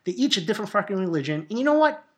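A man in his thirties hosting a podcast, talking in a rambling, profane and casual way, in a low and somewhat depressed mood. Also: sing-song, rapid-fire, fairly bright tone. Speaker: podcast host. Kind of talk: casual solo podcast monologue.

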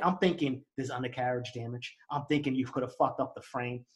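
A man with a Boston accent telling an angry story in casual chat, fast and profane. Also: medium pitch, fairly even intonation.

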